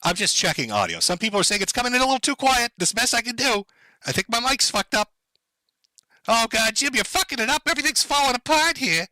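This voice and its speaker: High, lively, sarcastic male streamer. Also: fast, no room sound, poor audio. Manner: mocking, profane, sardonic. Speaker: live streamer commenting on clips. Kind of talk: sarcastic commentary.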